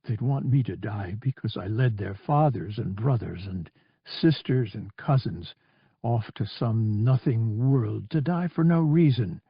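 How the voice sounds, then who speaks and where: A man's voice: fairly low pitch, unhurried, creaky, husky, no room sound, highs cut off, pitched below the performer's own voice, full character voice. A man reading an audiobook, voicing a young male pilot who screams in rage and then speaks thickly through grief. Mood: grief-stricken.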